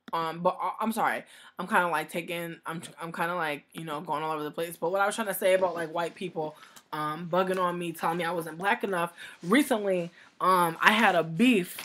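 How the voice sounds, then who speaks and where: A young woman vlogging in a casual livestream rant, heated and profane, rambling with lots of fillers. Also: fairly low pitch.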